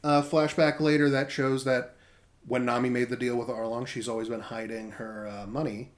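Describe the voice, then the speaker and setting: A mid-range male voice with a level tone and moderate pace. He co-hosts a casual podcast, recapping a manga by animatedly retelling it and slipping into quoted voices as he talks.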